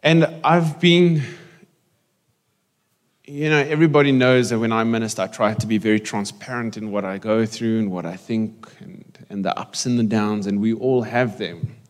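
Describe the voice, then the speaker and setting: Joking with his congregation and shifting into Afrikaans now and then, a pastor from South Africa delivers a conversational sermon. He speaks at normal speed with a fairly low pitch, and the church hall adds a long reverb.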